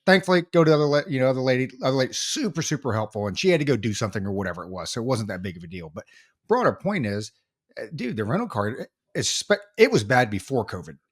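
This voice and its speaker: A man co-hosting a podcast, telling a story in casual chat, animated and full of restarts. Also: medium pitch, fast talker. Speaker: podcast co-host.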